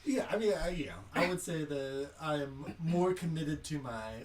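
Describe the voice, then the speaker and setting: A man's voice: a little high, expressive, moderate pace. A man co-hosting a podcast, talking in a dry, teasing, insistent way. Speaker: podcast co-host. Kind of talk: casual chat. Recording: distant mic with faint noise.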